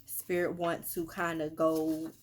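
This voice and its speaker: A woman's voice: deep voice, monotone, takes it slowly. Woman, casual emphatic medium monologue. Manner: emphatic, repetitive, with many fillers. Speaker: spiritual medium. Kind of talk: casual social media monologue.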